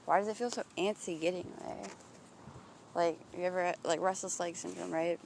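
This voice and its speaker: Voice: medium pitch, steady tone, normal speed, vocal fry, darkish tone, a little hiss or hum. Profane, rambling outdoor vlogger. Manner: profane, searching, thinks aloud with restarts. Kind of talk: rambling introspective monologue. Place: outdoors, walking.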